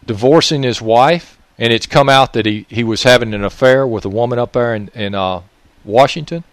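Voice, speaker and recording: A man's voice: medium pitch, normal speed, no room sound. A man with a Mississippi Southern accent, delivering an angry political monologue. He raises his voice, uses profanity and keeps scolding listeners with repeated questions. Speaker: political commentator.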